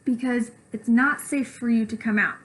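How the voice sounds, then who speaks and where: Lady reading as a fed-up storybook dad, loud and scolding, kinda high voice. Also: fairly even intonation, moderate pace, lightly acted, rough recording. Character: exasperated dad scolding a child.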